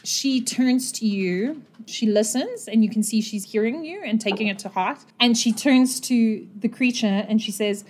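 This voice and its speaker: A woman's voice: on the high side, normal speed, hardly any pauses, slight background noise. Woman game master narrating a tabletop game. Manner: lively storytelling, laughs often.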